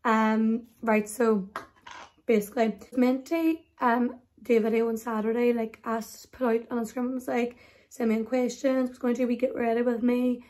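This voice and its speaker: A young woman, chatting casually to camera at home and keeping her voice hushed. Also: a little high, fairly even intonation, moderate pace. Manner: chatty, hushed, frequent "like" and "wee". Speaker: vlogger. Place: home bedroom, getting ready.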